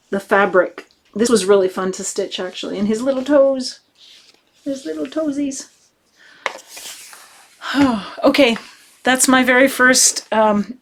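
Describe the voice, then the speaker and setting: Woman, cross-stitch vlogger, unhurried, gushing, sentimental. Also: mid-range voice. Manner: chatty, gushing, full of fillers. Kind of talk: casual chat to camera.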